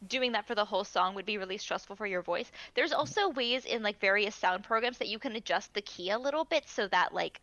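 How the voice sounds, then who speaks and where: A woman's voice: mid-range voice, lively intonation, a little fast, hardly any pauses, fairly bright tone, dry recording, muffled recording. A woman in casual stream chat, talking in a chatty, encouraging way with many fillers. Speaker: voice actor guest.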